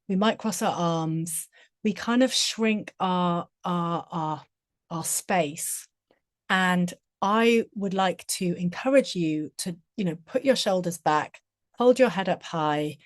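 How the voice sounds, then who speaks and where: Woman presenter, low-ish voice, expressive and restarting, dry close recording. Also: slow, no room sound. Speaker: speaker giving a talk on communication. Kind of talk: presentation talk.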